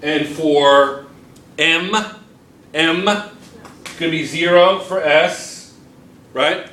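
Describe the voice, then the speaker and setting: An American man with a New Jersey accent teaches a chemistry class and keeps firing questions at the students. His voice is bright. A faint room hum sits behind him. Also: a little high, fairly even intonation, extremely slow. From United States. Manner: chatty, asks the class questions. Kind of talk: classroom lecture.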